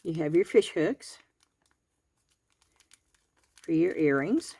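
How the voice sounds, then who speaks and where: Slow and warm, her low voice gravelly with a breathy edge and lively intonation, a Southern US crafting host counts out items while chatting folksily through a live craft kit review and tutorial in her garage. The recording is dry.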